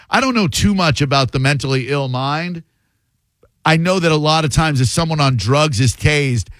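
A male radio host speaking into a studio microphone in a dry booth. His voice sits a little high for a man, and he argues his points bluntly. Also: fairly bright tone, no room sound. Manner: blunt, opinionated, repeats words when heated. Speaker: radio talk show host. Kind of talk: call-in radio talk.

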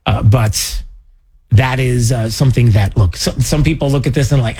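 Chatty, husky-voiced male radio host. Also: moderate pace, dark tone. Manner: chatty, sarcastic, breaks into mocking high voices. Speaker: radio talk show host. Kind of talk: casual political talk radio.

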